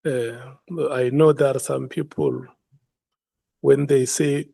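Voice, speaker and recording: A man's voice: medium pitch, fairly even intonation, slow pace, gravelly, mellow, no echo. A man chairing a parliamentary hearing, hesitant and often repeating words as he restarts. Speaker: committee chair.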